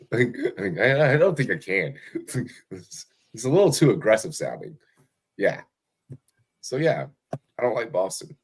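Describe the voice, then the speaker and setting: A young man with a very low voice hosts a casual podcast over a call. He rambles with constant fillers and false starts and swears freely. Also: big pitch swings, moderate pace, long pauses, husky. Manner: rambling, many fillers and restarts. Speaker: fantasy football show host. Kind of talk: casual profane podcast chat.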